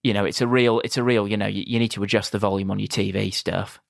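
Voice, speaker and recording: A man's voice: fairly low pitch, fairly even intonation, fast talker, gravelly, no room sound. A man co-hosting a casual film review podcast, rambling in a dry, mocking way. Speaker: podcast co-host.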